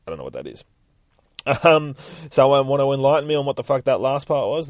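A man's voice: medium pitch, lively intonation, fairly quick, no echo. A man hosting a casual comic book podcast, retelling a story in a rambling way and swearing freely.

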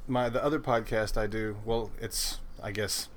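A man's voice: lowish voice, steady tone, normal speed. A man hosting a podcast in casual chat, rambling with stumbling restarts and swearing freely. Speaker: podcast host.

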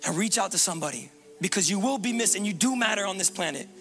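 A man preaching a sermon as pastor, impassioned and repetitive, swinging between loud urging and hushed low passages. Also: lively intonation, fast talker, soft background music.

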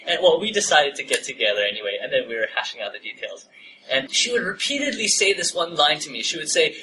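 A male pastor, preaching a sermon and telling a personal story with laughs, then dropping to a soft, near-whispered tone. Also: medium pitch, big pitch swings, fairly quick. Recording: distant mic, noisy room ambience.

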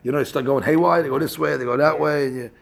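A man's voice: a little high, quick pace, creaky. A man teaching a Torah class, telling stories and acting out little scenes many restarts. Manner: animated storyteller acting out scenes; frequent restarts and fillers.

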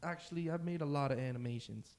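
A man's voice: on the high side, fast talker, creaky, a little mellow. A young man co-hosting a podcast, teasing the others and acting mock-offended in casual chat. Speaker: podcast co-host.

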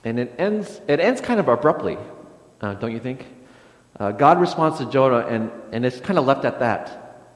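A man's voice: mid-range voice, very animated, moderate pace. A male pastor delivers a sermon in a church sanctuary, stumbling over his words with restarts and fillers. His voice sits in the middle range. The sound carries a roomy, echoing hall with a long reverb tail. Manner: hesitant, many restarts and fillers.

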